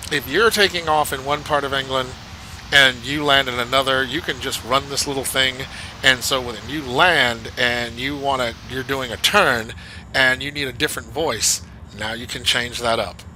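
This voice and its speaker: A man's voice: mid-range voice, steady tone, normal speed, bright, forceful tone, a little hiss or hum, rough recording. A man reviewing a flight simulator add-on in casual commentary, chatty and enthusiastic with rambling asides.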